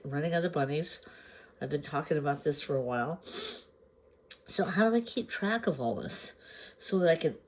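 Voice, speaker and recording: A woman crafting vlogger chatting casually to the camera. She shows her projects at an unhurried pace, pausing to gather her thoughts and sometimes asking the viewers questions. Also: low voice, slightly rough. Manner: unhurried, chatty, meandering with pauses. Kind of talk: casual show-and-tell chat to camera.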